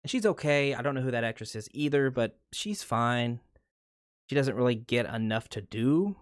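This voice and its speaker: A man rambles through a casual movie review at a steady middle pitch. He wanders off on tangents and circles back to his point. The sound is close and dry, with no echo. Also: normal speed. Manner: rambling, loses his train of thought.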